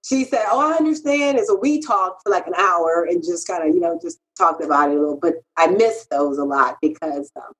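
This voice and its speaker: A woman's voice: brisk, few pauses, low-quality recording. A middle-aged woman, a freelance copywriter, telling stories in an interview in a candid, emphatic way. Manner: animated, emphatic, pitch jumps when quoting herself.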